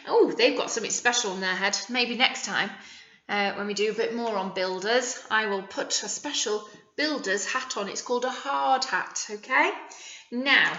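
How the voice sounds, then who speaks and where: High, playful nursery teacher. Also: female voice. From England. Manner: playful, animated, coaxing. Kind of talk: video lesson for small children. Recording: echoey, slightly muffled room recording.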